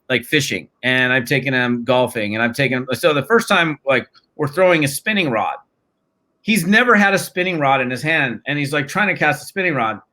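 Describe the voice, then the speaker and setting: A man in his fifties, a network marketing trainer talking as an interview guest, telling stories in an energetic, casual, slangy way with frequent restarts. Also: mid-range voice. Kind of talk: conversational interview storytelling.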